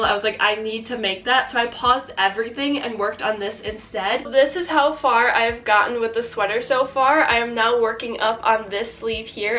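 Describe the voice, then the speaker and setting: A woman's voice: on the high side, pushed and bright, recorded from a distance, slight background noise. A young woman with a stuffy cold, chatting casually and rambling as she vlogs her crochet project. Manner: chatty, rambling, self-deprecating. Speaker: crochet vlogger. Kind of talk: casual vlog narration.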